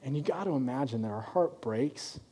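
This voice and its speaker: A man's voice: mid-range voice, lively intonation, fairly quick, warm tone, breathy edge. A man preaching a sermon as a pastor, talking casually and acting out the people in his stories. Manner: conversational, acts out quoted voices.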